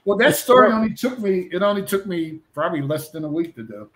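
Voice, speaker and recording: Brief: male comic artist guest, higher-pitched, animated storyteller. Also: quick pace. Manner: animated anecdote teller, acts out quoted voices. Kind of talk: casual storytelling chat.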